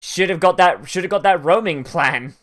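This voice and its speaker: At a measured pace and in a mid-range voice, an anime reaction host gives casual watch-along commentary. The talk rambles, is heavy on "like" fillers, and is sprinkled with laughs.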